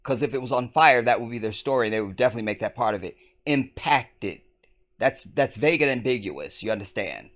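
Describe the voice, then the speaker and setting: A man's voice: medium pitch, lively intonation, fast, hardly any pauses, fairly bright tone. A man commenting on news clips in a scornful, emphatic way, repeating phrases back. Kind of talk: conspiracy commentary vlog.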